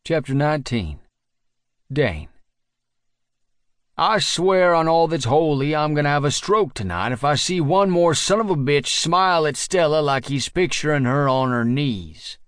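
A man's voice: on the high side, fairly bright tone, no room sound, clean studio sound. A man narrating a first-person romance audiobook in a brooding, irritable tone.

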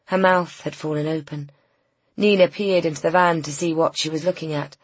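A woman narrating a novel as an audiobook, in calm, even storytelling. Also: low-pitched, moderate pace, a little hiss or hum. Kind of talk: scripted narration.

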